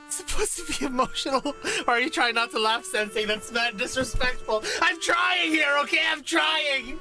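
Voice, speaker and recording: Giggly high-voiced young woman streamer. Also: normal speed, over music. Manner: giggly, laughs a lot, swears casually. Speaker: VTuber streamer. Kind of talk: casual live-stream reaction.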